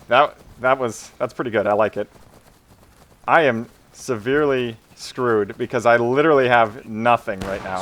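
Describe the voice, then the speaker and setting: A man's voice: medium pitch, fairly bright tone, slight background noise. Man streaming a game, chatty. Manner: chats with viewers, barks orders to teammates. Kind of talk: casual live gameplay commentary.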